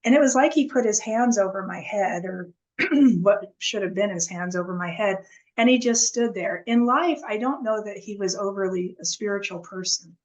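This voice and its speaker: A woman speaking as an interview guest, her voice in an ordinary middle register. She talks earnestly and casually, pausing, restarting and searching for words as she recounts what happened. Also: medium pitch, poor audio. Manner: earnest, halting, many restarts and fillers. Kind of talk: casual spoken storytelling.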